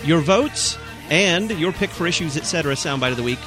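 A man hosting a live radio talk show, briskly reading out phone numbers, contest prizes and contact details. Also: a little high, expressive, music in the background. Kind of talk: radio host announcements. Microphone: studio mic.

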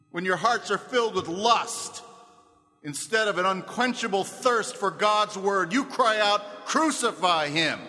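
Fervent preacher in a ringing hall. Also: male voice, high-pitched, pushed and bright. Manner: fervent, accusing preaching with dramatic quotes. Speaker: pastor. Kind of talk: sermon. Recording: reverberant hall.

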